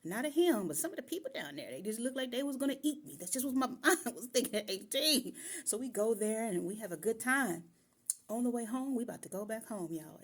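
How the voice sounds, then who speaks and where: Husky, gravelly woman telling a story. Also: medium pitch. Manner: lively, drops into whispered asides; colloquial, addresses listeners as y'all. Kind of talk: casual personal storytime.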